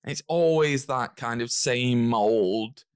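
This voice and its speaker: A young adult man, co-hosting a casual podcast chat in an animated, joking, sweary way. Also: mid-range voice, takes it slowly, clear, resonant tone, dry recording, studio quality. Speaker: podcast co-host.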